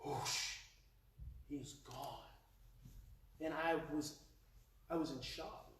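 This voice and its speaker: A man in his forties with an Oklahoma accent gives a live parenting workshop, telling stories with emotion and repeating his key points. His voice sits high for a man. The roomy hall and the distance to the mic leave his speech echoey and a bit remote over a faint hiss. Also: slow pace. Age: 40s. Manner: animated, emotional storytelling with repeated phrases. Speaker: parenting educator and presenter. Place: presentation hall before a live audience.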